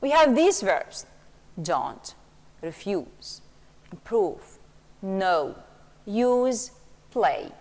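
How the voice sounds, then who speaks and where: A woman's voice: mid-range voice, very animated, drawn-out words, long pauses, darkish tone. Woman teaching in an echoey room. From Syria. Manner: patient step-by-step explaining, frequent "okay". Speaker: English teacher. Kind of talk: recorded grammar lesson. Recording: long reverberant room echo.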